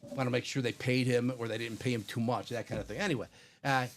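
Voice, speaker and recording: A man with a Chicago accent hosting a live sports card break, chatty and animated, laughing often. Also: medium pitch, fast talker, a little hiss or hum. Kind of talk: casual live-stream chat.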